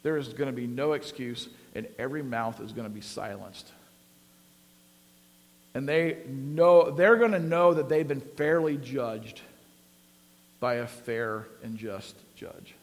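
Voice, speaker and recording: With an expressive, unhurried voice at an ordinary middle pitch, a man delivers a sermon that begins loose and full of fillers, then rises to emphatic peaks. Long reverb follows each phrase, as if in a church hall.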